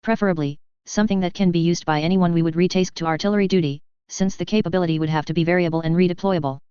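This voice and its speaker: A narrator voicing a composed female warship captain who talks in a crisp, businesslike way, with a dull, lo-fi sound. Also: high voice, steady tone, rapid-fire, darkish tone, no echo, close to an everyday voice. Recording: dull lo-fi dry audio.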